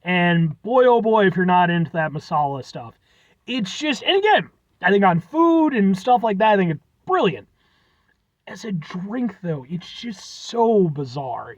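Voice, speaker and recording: In a dry, muffled recording, a high-voiced man from the United States chats casually as he reviews a drink. He's a food reviewer who rambles, leaning on fillers and poking fun at himself.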